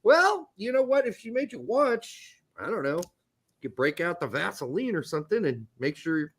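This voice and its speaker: High, lively-voiced joking male host. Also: moderate pace, husky. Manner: joking, profane, laughs often. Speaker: podcast host. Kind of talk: casual crude banter.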